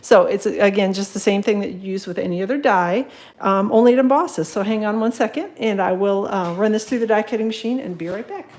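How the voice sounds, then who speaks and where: A woman's voice: mid-range voice, a little fast, a little mellow, poor audio. Woman hosting a live home craft demo, casual and chatty, lots of ums. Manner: chatty, with many ums, greets viewers while working. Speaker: craft demonstrator. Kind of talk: live card-making tutorial.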